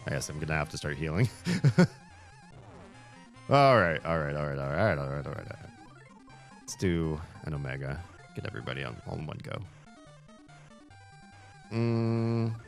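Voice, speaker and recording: A man hosting a video game playthrough, chatting along in an animated way and laughing often. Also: a bass voice. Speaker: let's play host. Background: faint game music.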